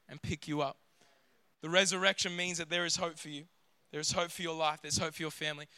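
Male preacher, high bright voice, smooth, animated storytelling delivery, dry sound. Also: dry recording. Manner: animated, acts out scenes in character voices. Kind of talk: sermon.

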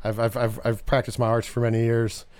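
A man hosting a podcast in casual chat, animated and profane, rambling with restarts. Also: medium pitch, brisk, clean tone. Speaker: podcast host.

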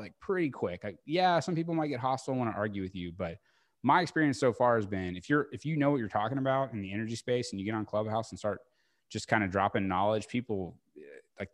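A man's voice: on the low side, dry recording, clean studio sound. A man hosting a podcast, chatting casually in a rambling way, full of "like" fillers. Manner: rambling, heavy use of "like". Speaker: podcast host. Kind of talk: casual conversational chat.

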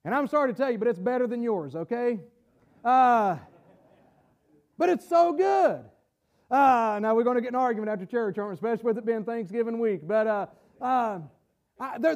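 Pastor preaching, very high voice, repeats himself, builds up to shouting. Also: male voice. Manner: stumbles and repeats words, rising to shouts for emphasis. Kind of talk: sermon. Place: church sanctuary. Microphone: camera-recorded.

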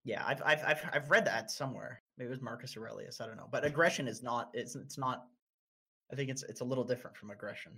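A man in his twenties from North America, chatting casually as a podcast co-host and telling stories with lots of swearing and sudden high-pitched bursts. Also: fast talker, slightly rough. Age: 20s. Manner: animated, profane storyteller with sudden high-pitched outbursts. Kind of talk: casual chat.

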